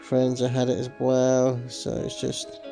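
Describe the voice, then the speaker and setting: A man's voice: medium pitch, monotone, a little slow, creaky, mellow, soft background music, low-quality recording. A man hosting a slot game video, rambling casually to viewers with lots of "sort of" fillers and calling them folks. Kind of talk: casual gameplay commentary.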